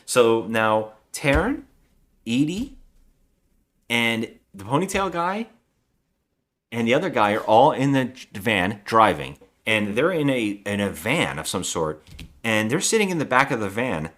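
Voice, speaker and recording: A man's voice: medium pitch, big pitch swings, a little slow, fairly bright tone. A man co-hosting a podcast, casually recapping a movie plot in a rambling way, acting out quotes and swearing. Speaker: podcast co-host.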